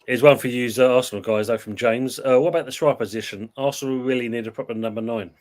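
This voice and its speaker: A man's voice: mid-range voice, fairly even intonation, fast, a little mellow. Man, podcast host, reads viewer comments, rambling storyteller, casual football chat. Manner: rambling storyteller, laughs often.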